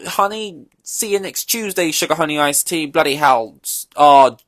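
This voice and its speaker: A man putting on a flustered young male racing driver who swears politely over team radio in a high, exasperated voice. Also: animated, normal speed, fairly bright tone, no room sound.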